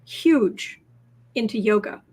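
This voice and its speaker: A woman with a fairly high voice talks through a casual tarot livestream. She is chatty and laughs easily, breaking off mid-sentence and circling back as she goes. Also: animated, slow, a little mellow, slightly rough. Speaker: tarot reader co-host.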